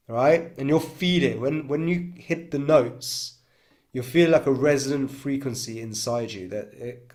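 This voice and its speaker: A man leading a guided breathwork class, calmly explaining and demonstrating chanted tones, checking in often with his listeners. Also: mid-range voice. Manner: calm coaching with frequent "okay?" and "right?" check-ins. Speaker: breathwork coach.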